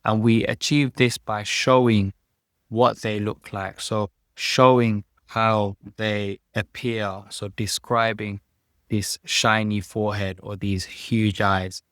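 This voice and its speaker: A man with a British accent teaching creative writing in a measured, explanatory way. His voice sits fairly low and is recorded close and dry, with no room sound. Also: flat delivery, a bit bright, no room sound. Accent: British English. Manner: measured, explanatory, reads quoted passages aloud. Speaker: English teacher. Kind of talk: explaining a lesson.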